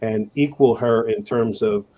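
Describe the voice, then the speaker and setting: A man speaking as a guest on a panel, measured and deliberate. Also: medium pitch, dark tone, lo-fi sound. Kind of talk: casual panel discussion.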